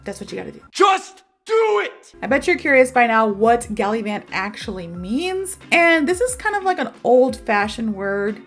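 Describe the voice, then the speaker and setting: A woman's voice: on the high side, normal speed, hardly any pauses, soft background music. Chatty woman teacher. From American South. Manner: chatty, animated storytelling with many fillers. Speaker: English teacher. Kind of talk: casual video lesson.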